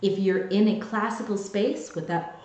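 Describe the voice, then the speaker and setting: A woman vocal coach explaining singing technique in a clear, teaching manner, with sung demonstrations. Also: mid-range voice, fairly even intonation, normal speed, mellow. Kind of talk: singing lesson to camera. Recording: very echoey room.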